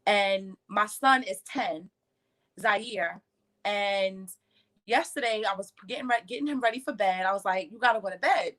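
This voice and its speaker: A woman on a panel discussion telling a family story quickly and emotionally, acting out quoted dialogue. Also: medium pitch, fairly bright tone.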